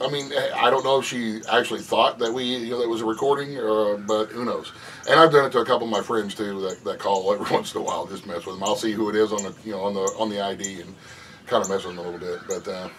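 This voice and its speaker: A man's voice: fairly low pitch, fairly bright tone. A middle-aged man chats in a loose, rambling way from his front porch and laughs often. The recording is outdoor audio picked up from a distance, with faint birdsong and passing traffic behind him. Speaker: vlogger. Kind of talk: casual chat.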